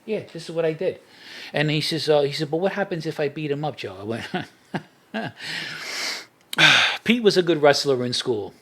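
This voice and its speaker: A man's voice: a little high, lively intonation, normal speed, long pauses. A middle-aged man, a podcast guest, telling street stories in a casual interview and laughing at his own anecdotes.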